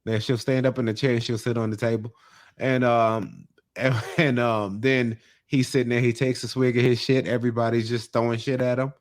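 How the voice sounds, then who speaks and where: A man's voice: mid-range voice, a little fast. A man with a New York accent, co-hosting a podcast and recapping a reality show, acting out people's lines as he tells the story. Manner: animated storyteller, acts out quotes. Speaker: podcast co-host.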